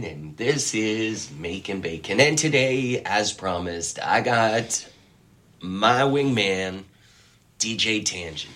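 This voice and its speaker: A man's voice: fairly low pitch, animated, slow pace, fairly bright tone. A man hosting a morning radio show, chatting in a loose, rambling way and laughing often. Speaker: radio host. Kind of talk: casual radio chat. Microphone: studio mic.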